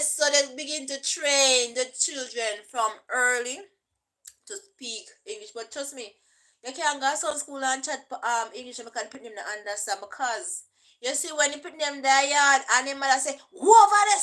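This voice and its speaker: A young woman with a Jamaican accent talks casually to camera as a vlogger. Her voice is bright and forward and sits a little high. She explains step by step and keeps checking in with her listener. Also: rough recording. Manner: chatty, checks in often with "right?".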